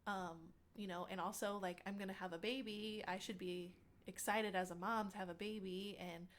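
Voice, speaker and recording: A young woman talks through a personal story as an interview guest, with a medium pitch. She fills her speech with "like" and slips into quick acted-out bits of what others said. Her tone is chatty and conversational. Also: steady tone. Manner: chatty, many "like" fillers, acts out quotes. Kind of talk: casual storytelling.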